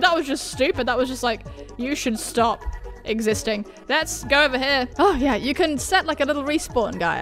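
Animated, high-voiced woman gamer. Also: normal speed, soft background music. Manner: excitable, self-mocking, swears and yelps. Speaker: gaming YouTuber. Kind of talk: let's-play commentary.

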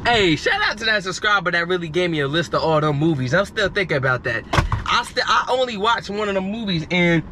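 A man's voice: sits high, lively intonation, a little fast, noisy background. A young man vlogging from a car, telling loose, slangy, rambling stories in casual chat. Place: parked car outdoors.

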